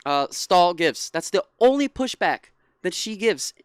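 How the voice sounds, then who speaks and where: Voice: medium pitch, very animated, a little slow, clean tone, dry recording, studio quality. Frustrated, indignant young online commentator. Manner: frustrated and indignant, with restarts and swearing. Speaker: political commentary YouTuber. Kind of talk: reaction commentary.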